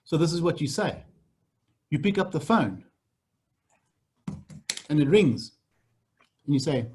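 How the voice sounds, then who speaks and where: A man's voice: on the high side, lively intonation, slow, long pauses, darkish tone, husky. A man running a sales training on a video call, blunt and repetitive. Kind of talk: online training session.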